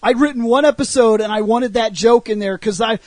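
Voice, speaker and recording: A man hosting a casual podcast chat, telling stories with energy, swearing and acting out shouted lines. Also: extremely high pitch, brisk, no echo. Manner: animated storyteller, shouts acted-out lines, laughs and swears. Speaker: show host.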